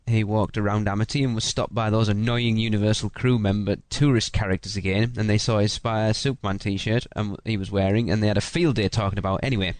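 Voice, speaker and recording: A man's voice: lowish voice, fairly even intonation, fast, few pauses, no echo. A man co-hosting a podcast, reading out a listener's trip report in a casual, joking way. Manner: joking, teasing. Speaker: podcast co-host.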